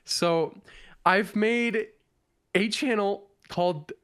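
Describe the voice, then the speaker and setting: A man's voice: sits high, extremely slow, fairly bright tone, smooth, no echo, clean studio sound. A young man hosting a casual podcast chat, rambling with many restarts and laughing often. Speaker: podcast host.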